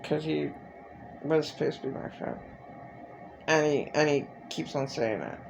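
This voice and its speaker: Slow, gravelly-voiced woman vlogger. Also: low-pitched, background noise. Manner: halting, restarts often, swears freely. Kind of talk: personal monologue.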